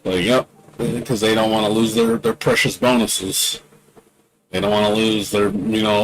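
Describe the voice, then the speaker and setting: A man's voice: lowish voice, normal speed, poor audio. A man streaming a game, ranting indignantly in casual talk, repeating himself with many fillers. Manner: indignant, repetitive, many "you know" fillers. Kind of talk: casual rant during a livestream.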